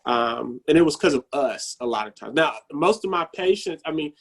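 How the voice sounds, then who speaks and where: Man, 30s, dentist on a panel; animated anecdotes, voice sits a bit high. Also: moderate pace, breathy edge. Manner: animated storyteller who acts out quoted voices. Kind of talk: panel discussion.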